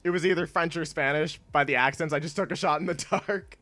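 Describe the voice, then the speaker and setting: A man's voice: a little high, fairly quick, sharp tone. A young man chatting casually while streaming a video game, rambling with lots of fillers and laughing often. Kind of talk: casual gameplay stream chat.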